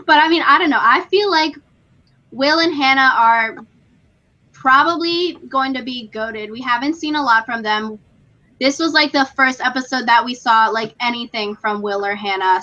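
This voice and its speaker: A young woman chats excitedly as a podcast co-host, her voice high and sharp. The audio is a bit dull and lo-fi. She talks loosely, with lots of fillers and laughs. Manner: chatty, excitable, frequent "like" and laughs. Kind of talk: casual chat.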